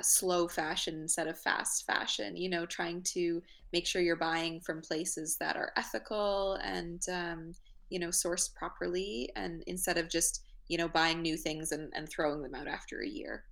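A woman's voice: on the low side, steady tone, unhurried, vocal fry, fairly bright tone. A woman co-hosting a podcast, speaking thoughtfully in casual chat, with many fillers. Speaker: podcast co-host.

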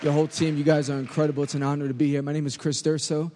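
Brief: New York youth pastor preaching live in a big church hall, crowd-rousing, slightly high-voiced, ringing reverb. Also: male voice, rapid-fire. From United States. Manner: lively, joking, calls for crowd response. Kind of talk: energetic sermon to a youth crowd.

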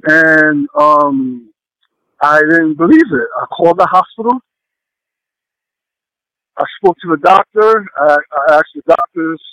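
Earnest man telling a heartfelt story, halting delivery, high-pitched voice, dry close sound. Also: sharp tone, dry recording, low-quality recording. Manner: halting, with many pauses and fillers. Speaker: guest sharing a personal testimony. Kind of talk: emotional personal testimony.

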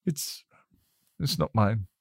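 A man's voice: on the low side, sing-song, slow, slightly rough, no echo, studio quality, voice pushed up, full character voice. A man doing a stammering, terrified young man. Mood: frightened. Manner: stammering, fearful pleading. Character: timid frightened young man, trembling.

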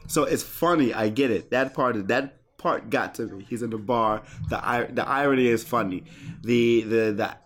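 A man's voice: medium pitch, a bit bright. A man hosting a podcast, recapping wrestling in rambling casual chat full of restarts. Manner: rambling, stumbling restarts, quick to laugh.

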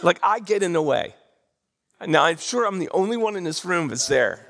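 A man preaching a sermon in church, animated and drawing responses from the congregation. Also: sits high, normal speed, creaky. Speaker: pastor. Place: church sanctuary.

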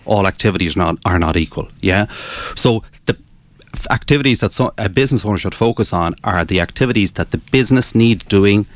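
A man, a business author interviewed as a guest, explaining his ideas in a measured way with frequent restarts. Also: fairly low pitch, no room sound. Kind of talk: radio interview.

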